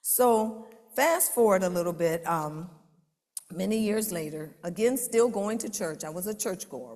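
Fervent woman testifying in an echoing hall. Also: fairly low pitch. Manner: fervent, rises loud and slow on emphatic lines. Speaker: preschool teacher giving a church testimony. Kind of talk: church testimony and prayer. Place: church sanctuary. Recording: long reverb of a large hall.

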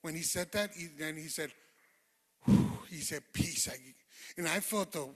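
A man giving his testimony as a sermon, earnest, dropping quiet and then rising loud. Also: a little high, unhurried. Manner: earnest, swings from hushed to loud. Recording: long hall reverb.

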